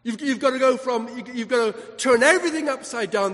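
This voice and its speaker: High-voiced preaching vicar, echoing church. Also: male voice, lively intonation, a little fast, hardly any pauses, a bit bright. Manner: emphatic preaching with rhetorical questions. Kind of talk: sermon. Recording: long hall reverb.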